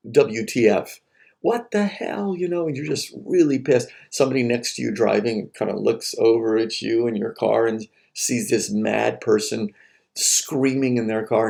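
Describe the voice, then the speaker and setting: A man's voice: medium pitch, gravelly, mellow. A man lecturing on philosophy to his students in a conversational way, firing off rhetorical questions. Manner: conversational, asks rhetorical questions, acts out frustrated voices. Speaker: philosophy teacher. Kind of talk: recorded lecture.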